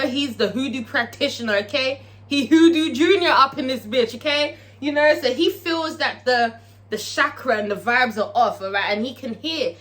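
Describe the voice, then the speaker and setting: A woman giving a casual, profane, animated recap of a TV episode and laughing often. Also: mid-range voice. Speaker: TV episode reviewer.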